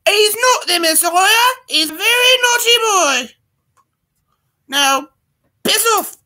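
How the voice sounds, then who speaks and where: A man doing a shrill scolding British mother. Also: lively intonation, takes it slowly, bright, forceful tone, full character voice. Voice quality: falsetto, mock British accent. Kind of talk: comic movie impression on a game stream.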